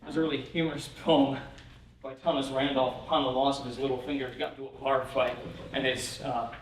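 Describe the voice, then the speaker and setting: A man's voice: mid-range voice, level tone, fairly quick, a little hiss or hum. A man teaching a workshop on reading poetry, in a casual, chuckling way with many fillers and restarts. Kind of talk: conference lecture. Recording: roomy hall from a distant mic.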